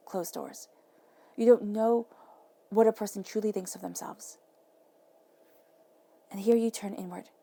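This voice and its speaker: A woman giving an earnest, encouraging tarot reading straight to the viewer, sometimes dropping to a soft whisper. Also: mid-range voice, vocal fry. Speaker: tarot reader.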